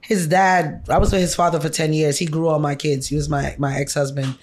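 A woman's voice: low voice, brisk. A middle-aged woman talking bluntly and with profanity as a podcast guest, telling stories about her life in a casual chat. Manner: blunt, profane, animated storyteller.

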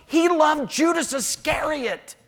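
Lively high-voiced older pastor. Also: male voice, takes it slowly, creaky. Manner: animated storytelling with asides to the congregation. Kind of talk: sermon. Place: church sanctuary.

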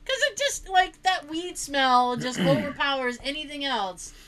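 A woman telling a funny family story in a casual, animated way, swearing freely and laughing often. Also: high-pitched, unhurried, a crowd in the background.

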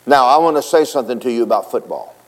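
A pastor preaches with a lively, swooping delivery, and his pitch rides up and down as he jokes and presses his points. His voice sits at an ordinary middle height for a man. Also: fast talker, rough recording. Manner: animated, joking, preachy. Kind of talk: sermon.

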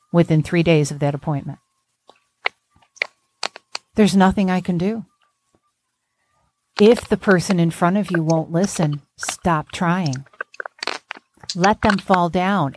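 A blunt, emphatic woman therapist speaking candidly on a podcast, her voice sitting a little low. Steady hiss hangs under the whole recording. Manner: blunt, emphatic, salty storyteller.

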